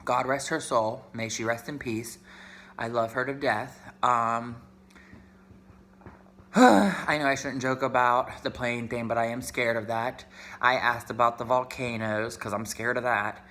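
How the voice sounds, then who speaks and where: A man's voice: medium pitch, unhurried, sharp tone, a little hiss or hum. A chatty, emotional man from Pittsburgh, talking casually in a vlog and mixing in Spanish words. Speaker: vlogger.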